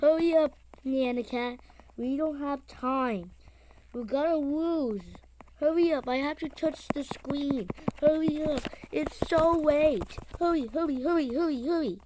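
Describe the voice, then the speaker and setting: A woman puts on a bossy cartoon cat with a high, shrill voice. It nags and pushes without letup, every word an order to hurry up. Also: measured pace, a little mellow, a little hiss or hum. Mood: frantic. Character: frantic bossy cartoon cat urging haste.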